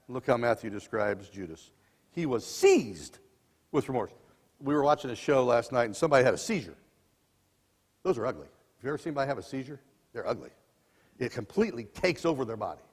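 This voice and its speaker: A man in his sixties preaching a sermon as dramatic storytelling, swinging between loud and soft passages, in a church sanctuary. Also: medium pitch, sing-song, brisk, pauses often, slightly rough. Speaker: lay preacher. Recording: long church reverb.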